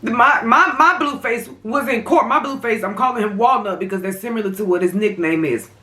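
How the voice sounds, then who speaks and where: In a fairly quick, bright, forceful voice that runs a little high, a young adult woman delivers impassioned mukbang commentary. She speaks directly to her viewers, heated and emotional.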